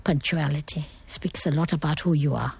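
A woman's voice: low-pitched, fairly even intonation, moderate pace, creaky, a little mellow, breathy edge, no room sound. Middle-aged woman, guest speaker, earnest lecturing tone, very dry voice. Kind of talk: motivational talk on manners.

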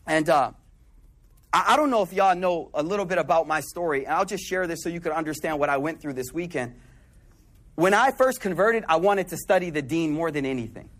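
Male preacher, high voice, conversational storytelling sermon, animated with quiet asides. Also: brisk.

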